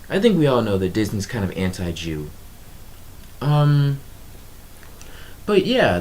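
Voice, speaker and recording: Animated young man reviewing a movie. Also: on the high side. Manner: animated, exasperated, filler-heavy with frequent ums. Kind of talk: casual video review monologue.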